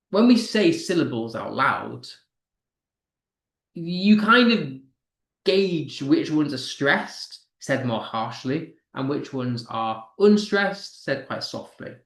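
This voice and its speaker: Lively-voiced male teacher, echoey room. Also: on the high side. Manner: slow, stressed reading when tapping out poetic rhythm; talks to students reading comments aloud. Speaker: English teacher. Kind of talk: online class lesson.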